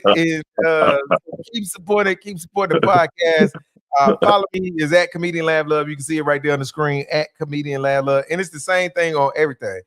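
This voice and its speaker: A man's voice: on the high side, fairly quick, a bit bright, smooth, no echo, clean studio sound. A man speaking as a comedian guest on a podcast, laid-back and joking, with lots of fillers and restarts. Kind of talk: casual podcast chat.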